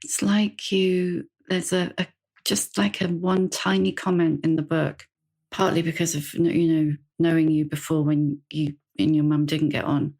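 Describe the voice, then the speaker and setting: A woman's voice: sits low, flat delivery, measured pace, creaky, a little mellow. A woman hosting a podcast, a reflective interviewer who gropes for words as she thinks. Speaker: podcast host. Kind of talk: conversational interview.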